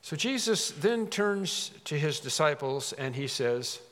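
A man preaching a sermon, animated, acting out quoted lines with rising emphasis. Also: on the high side, a little slow, in a large hall.

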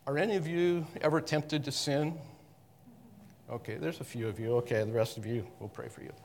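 Frequent self-corrections and restarted phrases mark this mid-pitched Bible teacher's loose, conversational explanation of Scripture to a congregation. His darkish-toned voice echoes with long hall reverb, and there's a little hiss or hum.

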